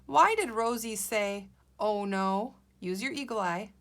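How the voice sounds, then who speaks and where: Slow, patient woman teacher. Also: mid-range voice, fairly even intonation. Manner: slow, patient, encouraging, sounds out letters. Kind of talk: guided reading lesson for young children.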